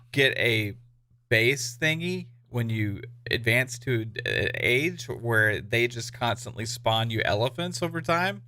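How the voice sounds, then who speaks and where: Bright-voiced playful male podcast host. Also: mid-range voice. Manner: playful, laughing, puts on silly accents. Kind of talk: casual podcast chat, reading super chats.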